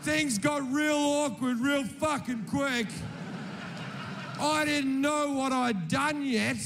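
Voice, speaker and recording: A man's voice: extremely high pitch, takes it slowly, creaky, background noise. An Australian man doing stand-up, telling a story in a brash, profane, punchy way. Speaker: stand-up comedian.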